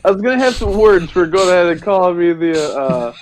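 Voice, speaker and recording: A young man co-hosts a casual podcast in a high, lively voice. He tells rambling stories full of halting restarts, and a faint hiss of noise sits under the recording. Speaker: podcast co-host.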